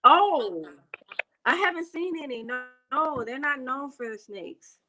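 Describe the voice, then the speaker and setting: A woman's voice: sits high, expressive, a little slow, bright, forceful tone, low-quality recording. A woman from the United States speaking as an interview guest, chatty, with frequent fillers and restarts. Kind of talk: casual interview talk.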